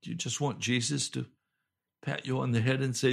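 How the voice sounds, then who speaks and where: An older male pastor, slightly hoarse, preaching a fervent sermon that swings between loud pleading cries and low, intense urging. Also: little pitch movement, normal speed. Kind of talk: impassioned home sermon video.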